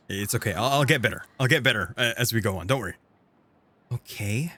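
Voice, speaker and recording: Lively, playful male game streamer. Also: mid-range voice, a little fast. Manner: playful, reads dialogue aloud, laughs often. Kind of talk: gameplay reading and chat.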